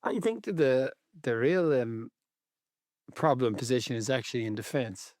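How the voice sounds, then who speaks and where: A man co-hosting a casual football podcast, relaxed and wryly teasing his co-host. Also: mid-range voice, normal speed, no room sound, studio quality.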